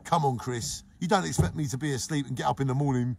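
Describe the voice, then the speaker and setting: A middle-aged man from England hosting a live stream, greeting viewers by name in an exuberant, sing-song way that swings between loud and hushed. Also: medium pitch, quick pace, gravelly, breathy edge. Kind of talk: casual live-stream chat, reading comments.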